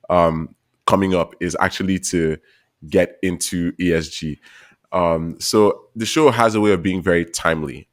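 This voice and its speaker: Male podcast co-host, low voice, casual and excitable, laughs easily. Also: no echo, studio quality. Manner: chatty, laughs often, gets excited.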